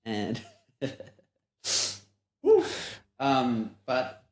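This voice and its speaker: Relaxed young Kiwi guest, mid-pitched voice, easygoing slang-heavy chat. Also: male voice. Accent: New Zealand. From New Zealand. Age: young adult. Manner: laid-back, slangy, drawn-out phrasing. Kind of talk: casual chat.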